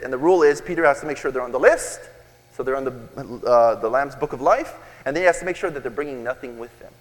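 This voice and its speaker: A man's voice: on the high side, a bit bright. A man preaching a sermon as pastor, telling jokes and asking the crowd questions. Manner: storytelling, joking, asks the crowd questions. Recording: echoey hall.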